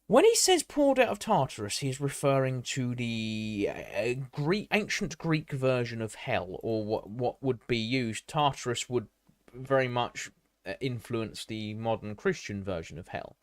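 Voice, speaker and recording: A man's voice: medium pitch, a little slow, no room sound. A man streaming live, reading a history article aloud and breaking off to chat with viewers. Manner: reads aloud with many restarts and asides; chatty, answers live chat.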